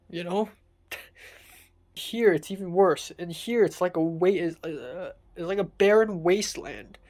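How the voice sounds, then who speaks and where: A young adult vlogger, pouring out an exasperated, sarcastic rant full of swearing. The voice sits at an ordinary middle pitch and sounds distressed and worn down. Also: darkish tone. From Hong Kong. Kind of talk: casual confessional vlog rant.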